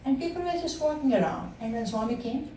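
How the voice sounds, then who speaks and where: A woman in her sixties tells her devotional story in an earnest, halting way, her voice warm and dark. She sounds some way off the microphone in a roomy, echoing hall, with a faint hiss behind her. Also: sits high, expressive. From India. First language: Telugu. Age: 60s. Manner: earnest, personal storytelling with hesitations. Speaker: satsang speaker. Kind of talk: devotional testimony to a gathering. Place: meeting hall of a spiritual center. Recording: roomy sound from far off the mic.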